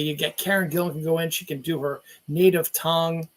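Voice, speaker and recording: A man's voice: on the high side, steady tone, fast. A middle-aged man hosting a casual solo podcast, rambling through entertainment news with frequent swearing and lost trains of thought. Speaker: podcast host.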